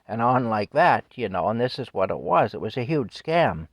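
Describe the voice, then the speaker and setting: A man's voice: mid-range voice, big pitch swings, moderate pace, no echo. A man in his fifties ranting on his vlog in an indignant, scornful way with wry chuckles. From Canada. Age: 50s. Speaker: vlogger. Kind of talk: solo opinion rant to camera.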